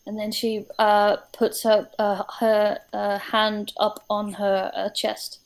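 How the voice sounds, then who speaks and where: A woman narrating a tabletop game as game master, describing scenes slowly with many hesitations. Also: mid-range voice, completely flat delivery.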